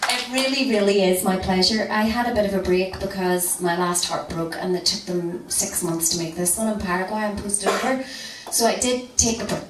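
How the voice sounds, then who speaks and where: A Northern Irish woman harpist chatting to an audience between songs, relaxed and rambling. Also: medium pitch, moderate pace, noisy background. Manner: relaxed, rambling, self-deprecating. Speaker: harpist and singer. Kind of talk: stage chat between songs. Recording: roomy live hall, distant mic, harp.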